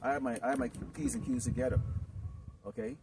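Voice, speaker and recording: A man preaching in a rambling, improvised sermon, filling his talk with "okay?" and "you know" and swinging into loud outbursts. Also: on the high side, huge pitch swings, quick pace, creaky. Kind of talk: improvised street-camp sermon. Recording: distant mic with noisy background.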